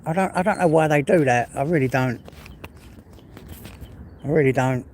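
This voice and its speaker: A man's voice: a little high, normal speed, darkish tone, a little hiss or hum. A man with an English accent chatting to his viewers on a phone livestream while walking his dog through the fields, swearing now and then. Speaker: livestream host. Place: outdoors in rural fields.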